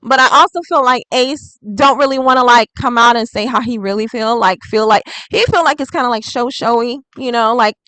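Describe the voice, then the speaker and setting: A woman's voice: fairly high pitch, a little fast, hardly any pauses, bright, forceful tone, dry recording, low-quality recording. A woman doing a casual tarot reading vlog, chatty and rambling, full of "like". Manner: chatty and rambling, heavy use of "like". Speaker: tarot reader.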